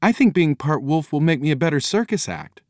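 A man voicing a cheerful young girl in a storybook reading, talking eagerly with a raised, bright voice. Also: a little high, lively intonation, brisk, no room sound, clean studio sound, voice pushed up, lightly acted. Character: young girl becoming part wolf, cheerful.

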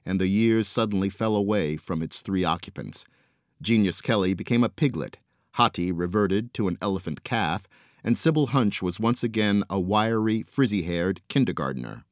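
A man narrating a whimsical children's fantasy story with expressive, varied delivery. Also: low voice, no room sound, studio quality. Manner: expressive, with lots of swing in delivery.

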